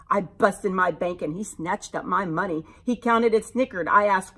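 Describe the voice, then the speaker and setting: A woman teacher reading a rhyming picture book aloud to children in an animated, expressive way. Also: mid-range voice, normal speed, hardly any pauses, husky.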